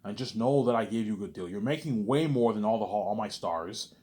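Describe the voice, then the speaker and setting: A man in a casual rambling monologue, animated and repetitive, arguing back and forth with himself. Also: on the low side, a little fast. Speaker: vlogger.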